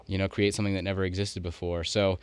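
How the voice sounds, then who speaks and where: Deep-voiced, smooth podcast co-host man. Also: little pitch movement, fast talker, no room sound. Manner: loose, thinking aloud in long run-on sentences. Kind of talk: casual podcast chat.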